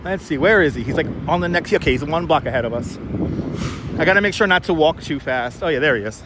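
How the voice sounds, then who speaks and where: A man's voice: a little high, expressive, quick pace. A man live streaming while walking city streets, chatting casually, joking and greeting viewers by name. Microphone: wireless clip-on mic. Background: faint city traffic.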